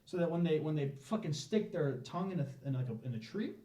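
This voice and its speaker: A man with a slightly high voice chats loosely on a podcast, rambling, laughing and swearing casually. He sits a little back from the mic in an echoey room. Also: animated, fast, dark tone, distant mic. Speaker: podcast co-host. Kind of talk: casual chat.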